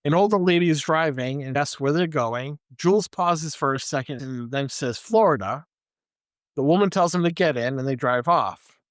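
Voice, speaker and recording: Man, podcast co-host, casual plot recap, quotes characters, slightly high voice, dry close sound. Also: normal speed, no echo. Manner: retells scenes step by step, quoting characters.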